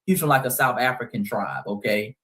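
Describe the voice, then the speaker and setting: A man's voice: medium pitch, expressive, brisk, a bit bright. A man hosting a heated commentary monologue, speaking emphatically and calling his listeners family. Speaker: host.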